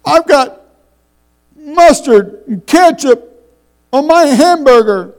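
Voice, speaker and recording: A man's voice: a little high, flat delivery, fast, mellow, clear, resonant tone, lightly acted. A man voicing a crying young boy in a sermon story. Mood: whiny. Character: young boy, upset and teary.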